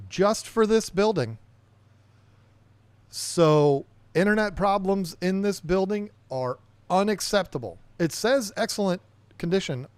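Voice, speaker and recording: Guy hosting a livestream, kinda high voice, rambly, reads chat out loud, dry close sound. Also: clean tone, dry recording. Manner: rambling, reads viewer chat aloud and chats back. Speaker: livestream podcast host.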